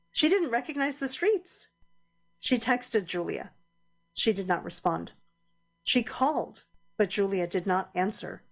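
A woman narrating a radio drama in a measured, deliberate storytelling voice. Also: mid-range voice. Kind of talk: scripted audio-drama narration.

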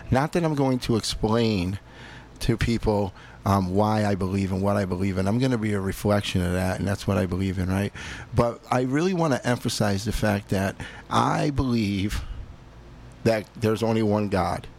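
A man's voice: on the low side, normal speed, creaky, darkish tone, slight background noise. A middle-aged father giving a personal faith testimony, rambling and emotional, with many fillers and restarts.

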